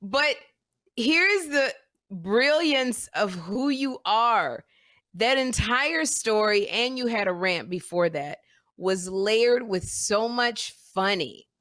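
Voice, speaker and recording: A woman's voice: on the high side, expressive, slow, fairly bright tone, no room sound. Dry-sounding female podcast host. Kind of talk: casual chat.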